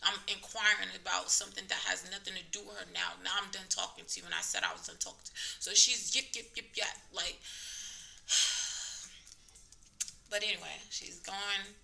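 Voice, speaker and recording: A woman's voice: fairly low pitch, lively intonation, normal speed, vocal fry, long pauses, pushed and bright. A woman vlogger casually retelling a story to camera with lots of fillers, acting out the other people's lines.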